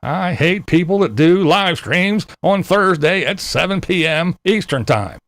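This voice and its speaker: A man's voice: high voice, animated, a little slow, a bit bright, no room sound. A man hosting his own channel, delivering a profane, exasperated rant straight to his viewers. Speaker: channel host. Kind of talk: ranting vlog monologue.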